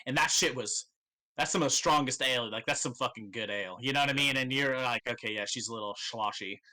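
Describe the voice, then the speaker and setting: A man's voice: medium pitch, fast talker, pushed and bright. Laid-back man running a tabletop game. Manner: casual, rambling, profane, laughs often. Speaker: game master.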